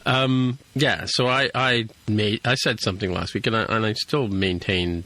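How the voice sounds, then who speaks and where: A man's voice: on the low side, steady tone, normal speed, sharp tone, poor audio. A man co-hosting a podcast in casual chat, rambling with many restarts and fillers. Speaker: podcast co-host.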